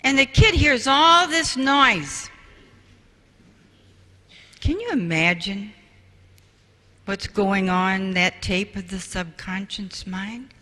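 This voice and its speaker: A man giving a parenting lecture to an audience, telling stories slowly and asking the room rhetorical questions, recorded in an echoey hall from far off. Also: high voice, animated, pushed and bright. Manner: slow, storytelling delivery with rhetorical questions to the audience. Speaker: parenting speaker. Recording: echoey hall, voice far from mic, faint noise.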